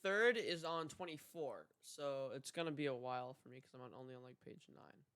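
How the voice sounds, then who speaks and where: A man's voice: mid-range voice, brisk, fairly bright tone, clean tone, no echo. A young man reading a poem aloud casually, stumbling over words and swearing at himself in asides. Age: young adult. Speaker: reader.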